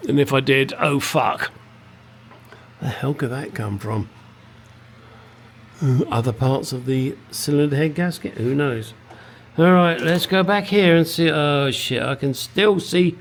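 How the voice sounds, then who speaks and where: A middle-aged man from England, his voice medium-pitched, speaks unhurriedly with long pauses. Restoring a classic car in his home garage, he talks bluntly to the camera and swears freely in a casual workshop vlog.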